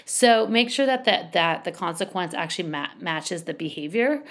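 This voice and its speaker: A woman's voice: on the low side, animated, normal speed, fairly bright tone. A middle-aged woman hosting a podcast, giving casual parenting advice in a chatty way full of "you know" and "like". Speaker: parenting podcast host and school educator.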